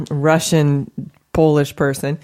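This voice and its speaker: A woman hosting a podcast in a casual chat, animated and playful, with frequent swearing. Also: low voice, slow, smooth, no room sound, studio quality. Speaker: podcast host.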